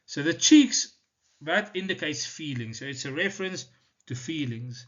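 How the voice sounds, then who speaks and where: A male teacher from South Africa explaining a poem in a deliberate, step-by-step lesson, with many "so" and "now" turns. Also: fairly high pitch, very animated, fairly bright tone. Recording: slightly dull lo-fi recording.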